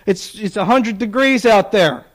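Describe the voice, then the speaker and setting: A man's voice: high-pitched, lively intonation, measured pace, rough recording. A man preaching a sermon, retelling a story with acted-out dialogue and sarcastic asides.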